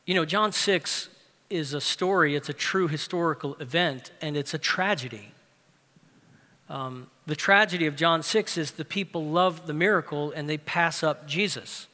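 A male pastor giving a lively, conversational sermon with casual asides and humor, recorded in a large reverberant room. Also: a little high, normal speed. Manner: lively, conversational, uses humor and pop-culture stories.

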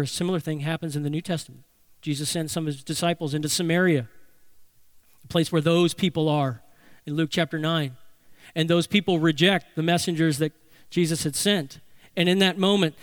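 A man's voice: on the high side, fairly quick, no room sound. A man preaching a sermon as a pastor, delivering it animatedly. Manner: animated preaching, acting out voices for emphasis.

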